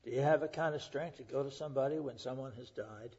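A middle-aged male preacher delivering a sermon, rising to loud emphasis and dropping to hushed, whispered lines. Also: mid-range voice, fast, breathy edge. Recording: dull lo-fi recording.

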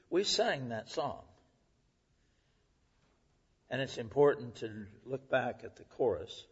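A husky man preaches to his congregation, earnest and emphatic, letting his voice swell and then fall almost to a hush. The recording is dull and lo-fi, with the top end muffled. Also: medium pitch, lively intonation, takes it slowly, long pauses. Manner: earnest, emphatic, swings between loud and hushed. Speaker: pastor. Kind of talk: sermon. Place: church service.

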